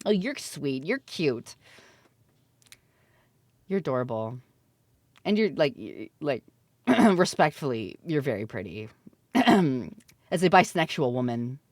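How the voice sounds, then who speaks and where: A woman's voice: very deep voice, sing-song, slow, pauses often, a little mellow, no room sound. Giggly woman streamer, dry sound. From Canada. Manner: playful, giggly, swears freely. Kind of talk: casual live-stream chat.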